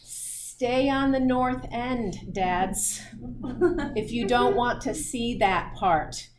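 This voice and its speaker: Middle-aged woman instructor, unhurried, laughs often, anecdotal. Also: fairly high pitch, slight background noise. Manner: chatty, laughs often, lively storytelling. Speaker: physiology instructor. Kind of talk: lecture with personal anecdotes.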